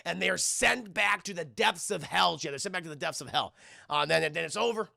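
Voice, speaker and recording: A streaming man with a bright, high voice and a heavy gravelly fry. He gives his live chat a profane, rambling, irreverent recap. The sound is dry and close. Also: brisk, no echo. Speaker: streamer and TV reviewer.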